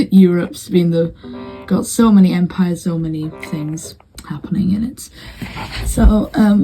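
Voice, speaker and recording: A woman's voice: mid-range voice, dark tone, rough recording. A woman giving casual, rambling commentary on a game as she watches, hesitant and full of fillers and restarts. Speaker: video host commentating a map simulation.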